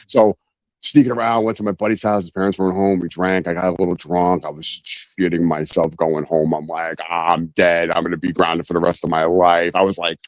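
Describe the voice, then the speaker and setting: A man's voice: low-pitched, no room sound. A man hosting a podcast, telling a childhood story in casual chat and swearing freely. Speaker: podcast host.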